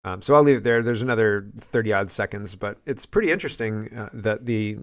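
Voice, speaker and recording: Gravelly-voiced man commenting on clips. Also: lowish voice, brisk. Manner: musing, reacts aloud to video clips. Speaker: political commentary host.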